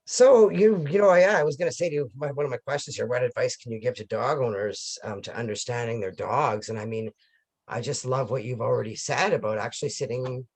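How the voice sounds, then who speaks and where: A man's voice: medium pitch, fairly quick, husky. Enthusiastic, rambling man hosting an interview. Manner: enthusiastic, rambling, many restarts. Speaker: interview host. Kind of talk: casual video call interview. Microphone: video call.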